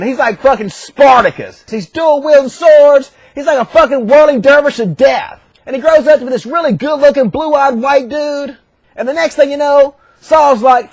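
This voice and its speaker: High-voiced man, crude comic storyteller. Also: dry recording. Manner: rapid, crude, slips into shouted character voices. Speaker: comedic narrator. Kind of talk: profane comedic retelling.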